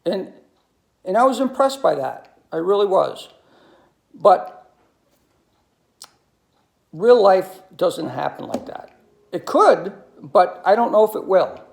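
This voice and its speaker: A man, telling stories in a halting monologue full of ums and uhs. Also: sits high, sing-song, gravelly. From New York City. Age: 60s. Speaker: video commentator. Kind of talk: monologue to camera.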